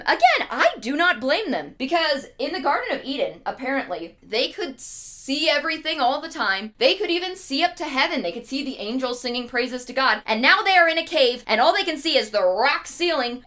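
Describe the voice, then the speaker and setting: A woman's voice: high-pitched, sing-song, moderate pace, few pauses, pushed and bright. A woman streamer retelling an old story in a casual, slangy, comedic way.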